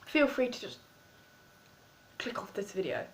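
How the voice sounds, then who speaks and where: A woman's voice: medium pitch, big pitch swings, unhurried, slight background noise, low-quality recording. A woman with an English accent, chatting in a rambling, self-mocking way as she vlogs. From England. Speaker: vlogger. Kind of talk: casual food-tasting vlog.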